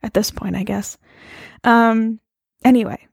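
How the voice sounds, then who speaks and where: A woman's voice: a little high, steady tone, a little slow, vocal fry, breathy edge, no echo, clean studio sound. A woman co-hosting a podcast in casual chat, laughing often and talking with many fillers. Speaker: podcast co-host.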